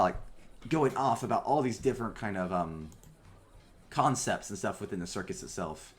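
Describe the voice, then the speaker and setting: A man's voice: lowish voice, lively intonation, moderate pace. A man narrating as game master in loose, rambling narration with many fillers.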